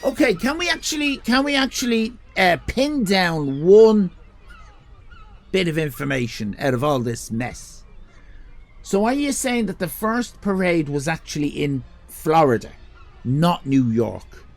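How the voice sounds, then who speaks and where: A gravelly Irish man in his fifties talks casually to his live stream audience. His slightly high voice rises and falls in a lively way as he slips into playful, mock-indignant rants. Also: measured pace. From Ireland. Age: 50s.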